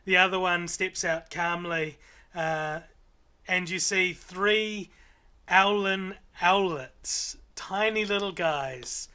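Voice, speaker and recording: A man narrating as game master of a tabletop game, unhurried and pausing often on fillers. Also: sits high, bright, forceful tone. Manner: unhurried, many filler pauses.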